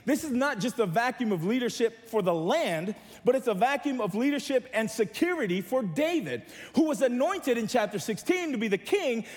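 A man with a notably high voice preaches to his church, telling funny stories and asking the congregation to answer back. His voice trails off in a long reverberant echo, as though the room is a large sanctuary. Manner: preaching with humor and call-and-response to the church. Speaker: pastor. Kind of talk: sermon.

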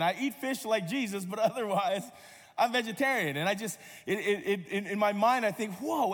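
A man's voice: high-pitched, big-room sound. A man pastor giving a sermon, telling stories with playful humor and acting out quotes. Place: church sanctuary.

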